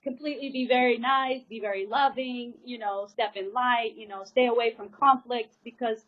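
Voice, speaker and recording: A woman's voice: on the high side, steady tone, moderate pace. A woman telling an emotional personal story as an interview guest, rambling with many fillers and repeated words. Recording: tinny phone-like line.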